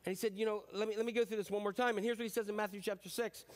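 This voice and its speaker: Chatty middle-aged pastor, slightly high voice. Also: male voice, steady tone, very fast. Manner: chatty storytelling, self-deprecating, many fillers. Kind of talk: conversational sermon.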